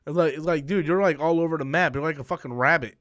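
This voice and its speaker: A man's voice: on the high side, fast talker, fairly bright tone. A young man hosting a casual live-stream chat, ranting with heavy profanity and mocking impressions. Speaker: channel host.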